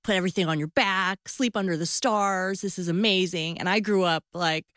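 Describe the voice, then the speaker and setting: Animated woman telling a story. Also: fairly low pitch, normal speed, no room sound, clean studio sound. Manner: animated, acts out voices in her stories. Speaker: guest. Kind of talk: casual storytelling chat.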